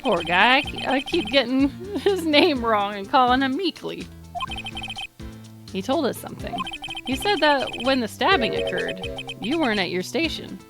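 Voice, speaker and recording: A woman streaming a video game live, reading the dialogue aloud with quick asides, over game music. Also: high voice. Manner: animated, reads lines aloud with quick asides.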